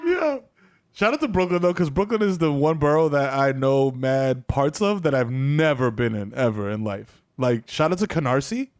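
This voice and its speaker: A man's voice: medium pitch, expressive. A man in his thirties with a New York accent, a podcast co-host riffing and joking in casual banter. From the Bronx, New York. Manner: quick riffing, laughs often.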